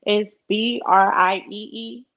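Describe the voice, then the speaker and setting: A woman's voice: mid-range voice, fairly even intonation, takes it slowly, dull audio. A woman calling in to a sports talk show, teasing and chatty. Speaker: caller.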